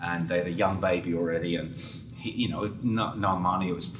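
A man preaches with a fairly low voice in an earnest, conversational tone, often stopping to restart his sentences. The sound is picked up from a distance in a roomy hall, with a faint hum of background ambience. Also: steady tone, a little fast. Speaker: pastor. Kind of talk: sermon.

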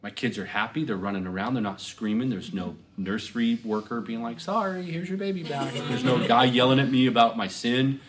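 A man, a pastor, answering a question in an animated storytelling way, acting out the voices of people he quotes. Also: mid-range voice, brisk, few pauses, crowd noise. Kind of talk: speaking at a Q&A session.

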